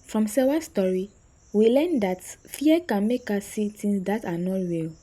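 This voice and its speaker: A woman narrating a scripted story in a slow, suspenseful way with dramatic pauses. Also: mid-range voice, warm tone, rough recording.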